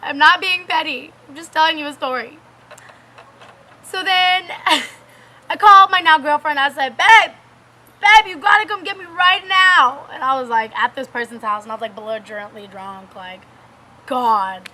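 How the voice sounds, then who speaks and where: Bright, high-voiced young woman telling a story. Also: moderate pace. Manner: animated, laughs often, many fillers. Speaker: vlogger. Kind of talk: casual storytelling to camera.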